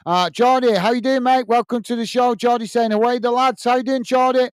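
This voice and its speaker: A man's voice: very high voice, steady tone, a little fast, smooth, dry recording. A man hosting a live football watch-along, chatting bluntly and answering viewer comments. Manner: blunt and opinionated. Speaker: host.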